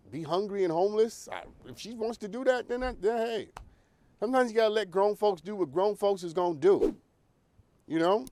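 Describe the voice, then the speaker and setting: A man hosting an advice show, talking straight to the viewer in a preachy, animated way. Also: high-pitched, dry recording. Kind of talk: direct-to-camera advice talk.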